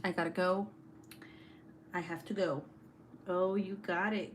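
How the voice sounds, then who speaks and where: A woman's voice: medium pitch, moderate pace, a bit bright, slight background noise. Laughing, swearing woman livestream host. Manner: laughs often, swears freely. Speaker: livestream host reading chat. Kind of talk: casual livestream chat.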